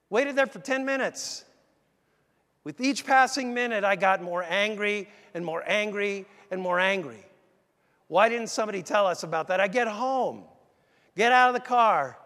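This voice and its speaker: Animated pastor preaching in a large church. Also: male voice, high voice. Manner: animated, conversational, addresses the congregation directly. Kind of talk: sermon storytelling. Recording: echoey church hall.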